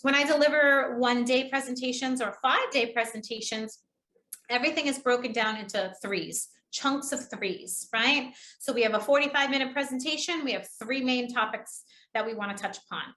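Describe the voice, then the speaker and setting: Speaking quickly and with a New England accent, this woman runs a conversational online training session on public speaking. She's lively, swinging her fairly high, bright voice up and down to illustrate strong versus weak delivery. Her recording carries the echo of an empty room.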